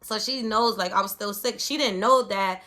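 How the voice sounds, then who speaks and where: A woman's voice: mid-range voice, normal speed, bright, forceful tone. A middle-aged woman telling a personal story in a chatty, casual way, full of "like" and "whatever". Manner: chatty, peppers speech with "like" and "whatever". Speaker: parenting vlogger.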